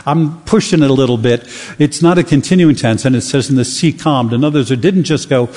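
A man preaching a sermon with dramatic, emphatic pauses. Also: mid-range voice, darkish tone. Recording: long reverb of a large hall.

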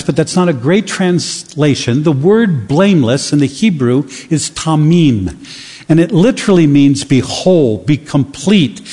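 A man preaching a sermon with dramatic, emphatic pauses. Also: on the high side, darkish tone, slightly rough. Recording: long reverb of a large hall.

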